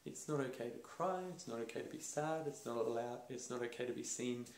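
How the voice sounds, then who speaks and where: Man, host, lively storytelling, mid-pitched voice, roomy echo. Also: fairly quick, vocal fry, a little hiss or hum. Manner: animated storytelling, acts out voices and laughs. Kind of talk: casual conversation about masculinity.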